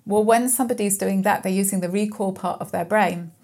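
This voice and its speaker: Woman guest, raspy with a gravelly edge, reflective storyteller, interview. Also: mid-range voice, brisk, darkish tone. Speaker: mental health guest speaker. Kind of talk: conversational interview.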